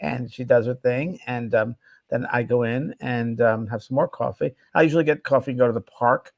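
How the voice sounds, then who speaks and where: A man co-hosting a casual chat, rambling in a relaxed way with plenty of ums. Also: mid-range voice, moderate pace, vocal fry, dry recording. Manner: relaxed, rambling, full of filler words. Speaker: co-host, psychic medium.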